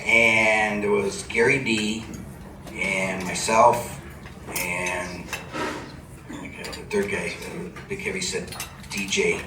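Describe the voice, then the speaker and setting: A man's voice: fairly low pitch, steady tone, slow pace, pauses often, background noise. An older man from Cleveland, a television personality, telling rambling anecdotes to a live supper club audience with plenty of chuckling. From Cleveland, USA. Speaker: TV personality telling stories on stage. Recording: echoey club from a distant mic, audible ambience.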